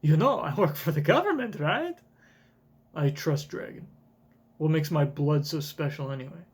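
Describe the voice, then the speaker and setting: A man voicing a gentle, kind giant of a man in a soft, earnest tone while reading a comic aloud. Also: fairly high pitch, expressive, normal speed, breathy edge. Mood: calm.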